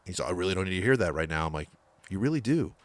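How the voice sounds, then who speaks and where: A man's voice: low-pitched, racing, no room sound. A middle-aged man telling stories as a podcast guest, swearing freely and acting out what others said. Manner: animated storyteller, swears a lot, acts out quotes. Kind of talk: casual interview storytelling.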